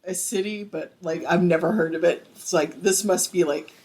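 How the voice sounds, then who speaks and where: A woman's voice: fairly low pitch, a little mellow. A woman co-hosting a podcast, chatting casually and throwing in sarcastic asides. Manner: quick wry quips and sarcastic asides. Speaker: podcast co-host. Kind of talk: casual chat.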